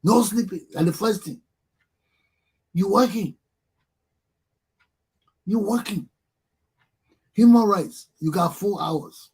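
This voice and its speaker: A man hosting a political talk show, speaking forcefully with lots of repetition. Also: high-pitched, slow, long pauses, slightly rough.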